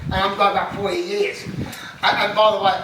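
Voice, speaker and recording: A man's voice: sits high, little pitch movement, moderate pace, recorded from a distance, background noise. A middle-aged man doing self-deprecating stand-up comedy, with punchy joke delivery and laughing at his own jokes. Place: festival stage. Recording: echoey hall, mic heard from afar.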